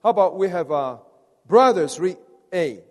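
A man's voice: high voice, lively intonation, normal speed, darkish tone. A man preaching a sermon, rousing, coaxing the audience to respond. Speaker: preacher leading a conference message. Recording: long reverb of a large hall.

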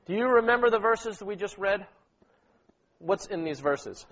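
A man preaching to a congregation in a high, lifted voice, coaxing the room to read along and calling out short prompts. The sound is dull and lo-fi, as from a modest recorder. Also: expressive, normal speed, fairly bright tone. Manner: exhorting, repeats words, prompts the congregation with "okay?" and "amen". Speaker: pastor leading a church meeting. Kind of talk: sermon with group scripture reading.

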